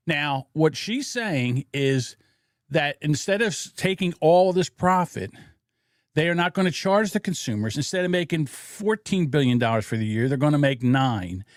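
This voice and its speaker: A man's voice: fairly high pitch, no room sound, studio quality. A man hosting a casual political podcast, telling blunt, profane stories about corporate greed. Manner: blunt, profane, animated storytelling. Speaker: podcast host.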